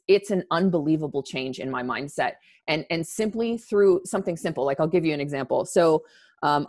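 A woman in her thirties, a podcast guest talking candidly and emphatically. She restarts her sentences often and is close to tears. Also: low-pitched. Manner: earnest and emphatic, with frequent restarts. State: emotional, near tears. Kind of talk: candid conversational interview.

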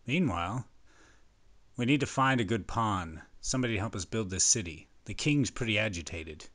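A man's voice: on the low side, animated, normal speed, a bit bright, dry recording. A man improvising a rambling, absurd comic story on his own, hopping between scenes.

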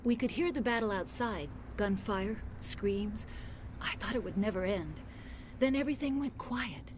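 Actress as a shaken video game scientist, earnest, mid-pitch voice, faint hiss. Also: female voice, a little slow, lightly acted. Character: shaken female scientist, survivor of an attack.

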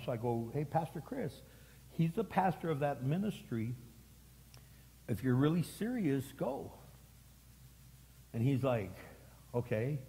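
A man preaching a sermon as pastor, telling stories with acted-out voices and sudden loud emphatic bursts. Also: medium pitch. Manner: animated storytelling, acting out voices, jumps to loud emphatic peaks. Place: church sanctuary. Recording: long hall reverb.

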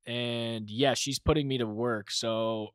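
A man co-hosting a podcast, chatting casually and telling self-mocking stories, acting out quotes with lively energy. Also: medium pitch, slow pace, clear, resonant tone, dry recording, studio quality. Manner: animated, self-mocking storyteller who acts out quotes. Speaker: podcast co-host.

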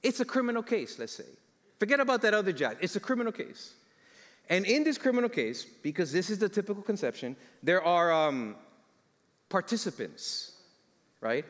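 Male preacher, slightly high voice, storytelling sermon that draws in the congregation, long church reverb. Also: big pitch swings, normal speed, fairly bright tone. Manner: storytelling, asks the congregation questions. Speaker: guest preacher. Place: church sanctuary.

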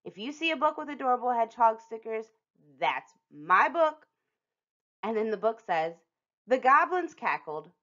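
A woman reading a picture book aloud to children as a storytime host, expressive and lingering on some phrases with dramatic pauses. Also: fairly high pitch. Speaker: storytime reader. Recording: dull lo-fi recording.

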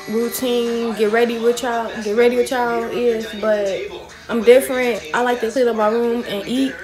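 A woman's voice: a little high, flat delivery, normal speed, music in the background. A young woman, chatting casually to her viewers in a get-ready-with-me vlog from her bedroom, recorded on a phone. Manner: chatty, slangy, talks straight to viewers. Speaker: vlogger. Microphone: phone camera.

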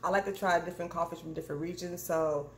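A woman chatting casually to her viewers while unboxing in her home kitchen, animated and calling them "y'all". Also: on the low side, fast. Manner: animated, addresses viewers as "y'all", frequent "okay?". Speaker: cooking channel vlogger. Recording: echoey kitchen with clear background noise.

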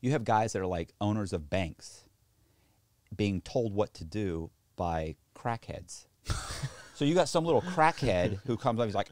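A man with a fairly low voice tells a long, profane story as a podcast guest. He is animated and throws in impressions, going up to high squeaks and down to low mumbles. The close mic sound is dry, with no room around it. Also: measured pace, no echo. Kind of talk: storytelling in casual chat.

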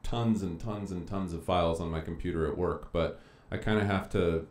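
A man's voice: deep voice, normal speed, a little mellow. A man teaching a casual live-streamed lesson, thinking aloud as he clicks through his files. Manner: chatty, thinking aloud while clicking around. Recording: echoey room with faint noise.

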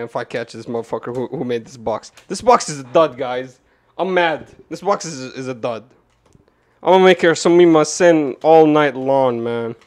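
A man giving casual, rambling commentary to his chat while opening card boxes, swearing and jumping from calm talk to loud rants. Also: mid-range voice. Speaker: card game streamer.

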